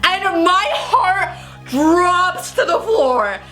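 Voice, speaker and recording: A young woman vlogger tells a storytime tale in a high, lively voice that swoops up and down. Her tone is bright and forward, and she keeps laughing through the tense bits, breathless with excitement. Faint music plays behind her. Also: drawn-out words. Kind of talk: storytime vlog.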